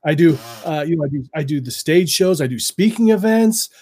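A relaxed man chatting as a guest, his voice a little husky and pitched a bit high for a man. He laughs easily and rambles, restarting his sentences as he goes. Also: a little fast. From United States. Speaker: hypnotist guest. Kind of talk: casual chat.

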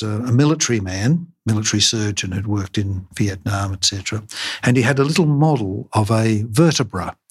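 An older surgeon speaks in an interview, his voice low and a little husky. He talks haltingly, filling gaps with "uh" and "um" and restarting his sentences as he recalls his work. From Australia. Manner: halting, many fillers and restarts. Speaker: craniofacial surgeon.

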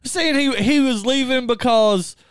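A man co-hosting a sports talk radio show, trading quick jokes and interjections with his partner. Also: extremely high pitch, clear, resonant tone, no echo. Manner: quick back-and-forth, joking interjections.

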